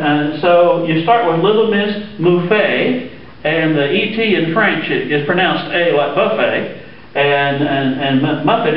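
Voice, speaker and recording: A man teaching a Spanish grammar lesson, patiently walking through examples with frequent "uh" fillers. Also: on the high side. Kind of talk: classroom lesson explaining grammar. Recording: echoey room, distant mic, dull sound.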